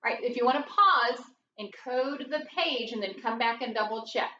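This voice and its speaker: A woman teaching a phonics lesson, slowly working through each word aloud and thinking it over as she goes. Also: a little high, pushed and bright. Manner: slow, deliberate, thinking aloud. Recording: dull, roomy, distant mic with faint noise.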